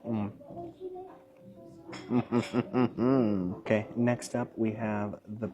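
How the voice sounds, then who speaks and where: An American man narrates a food tasting in a calm, measured way. His voice sits a little low. He describes each dish steadily as he goes. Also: music in the background. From United States. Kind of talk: food review vlog narration.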